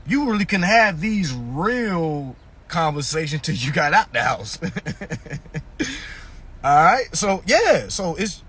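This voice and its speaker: A man rants on a phone live stream, mocking and profane, full of rhetorical questions. His voice sits high and swings widely in pitch. The tone is bright, with a husky edge. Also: big pitch swings, measured pace. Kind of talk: casual ranting monologue.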